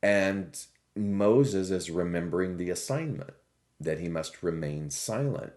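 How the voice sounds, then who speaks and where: A man who teaches spirituality, telling a parable in a reflective, expressive sermon. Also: low-pitched. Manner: slow, reflective, expressive storytelling. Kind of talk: storytelling sermon.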